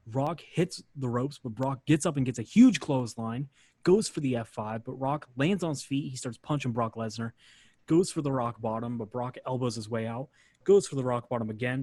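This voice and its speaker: A man hosts a casual podcast, narrating a match step by step. He talks in a loose, relaxed way full of fillers. The recording is dry and close. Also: mid-range voice, dry recording. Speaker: podcast host. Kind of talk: casual play-by-play recap.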